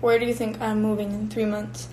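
A woman's voice: mid-range voice, flat delivery, brisk, warm tone, slight background noise, rough recording. A young woman from Finland, casually chatting with fans on a live stream and answering their comments while she eats. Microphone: phone or built-in mic.

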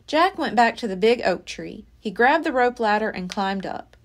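Lively woman reading a children's book. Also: on the high side, moderate pace. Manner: expressive, lively storybook reading. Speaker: library storyteller. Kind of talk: children's read-aloud narration.

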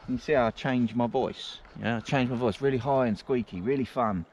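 A man's voice: mid-range voice, brisk, a crowd in the background. A man chatting casually to his viewers while walking his dogs in the woods, rambling from one thought to the next, recorded on a handheld camera. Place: outdoor woodland on a windy day. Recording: wind and outdoor noise.

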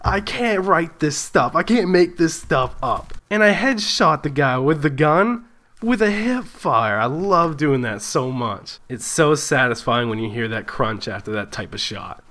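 A man hosting a gaming video, giving excitable live commentary on his own play, swearing, laughing and talking to himself. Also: on the high side, measured pace.

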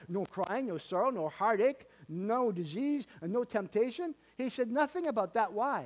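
Man, pastor, church sermon, high-pitched, folksy, emphatic repetition, filler-heavy. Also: expressive, normal speed, few pauses. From Canada. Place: church sanctuary.

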